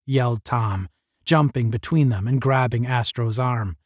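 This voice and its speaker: A man narrating a novel aloud in a steady storytelling manner. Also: mid-range voice, measured pace, dry recording, studio quality.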